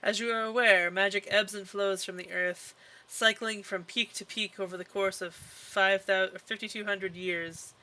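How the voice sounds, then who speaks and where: Man reading solemn dragon envoy, no accent, plain bright voice. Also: medium pitch, fairly even intonation, moderate pace, lightly acted, poor audio.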